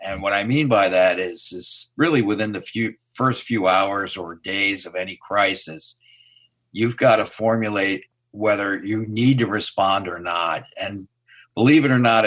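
A man from New York answers interview questions about public relations. He speaks in a low voice and hesitates often, stopping and restarting his sentences. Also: a bit bright. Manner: halting, many fillers and restarts. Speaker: PR executive guest.

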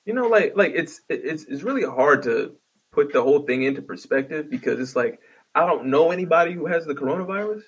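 A man's voice: fairly high pitch, lively intonation, brisk, breathy edge. A man delivering a profane, exasperated comedic rant with stammering restarts. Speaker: vlogger ranting.

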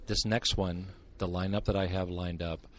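A man's voice: low-pitched, normal speed, slight background noise. An older man from Montana, a guest author telling stories in a casual, joking podcast interview. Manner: joking, sarcastic, animated storyteller. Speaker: guest, author and Bigfoot researcher.

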